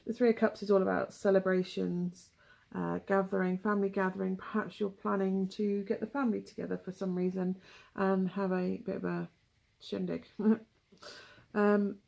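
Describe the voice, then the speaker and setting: A woman's voice: medium pitch, level tone, normal speed, creaky, a little mellow. A young woman with a West Country English accent giving a casual, rambling tarot reading, full of asides and ums. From England. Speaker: tarot reader.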